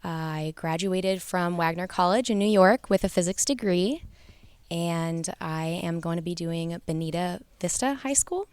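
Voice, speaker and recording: A woman's voice: fairly low pitch, measured pace, a little mellow, smooth, no room sound. Earnest young woman engineer introducing herself. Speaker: engineer mentor. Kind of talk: self-introduction at an event.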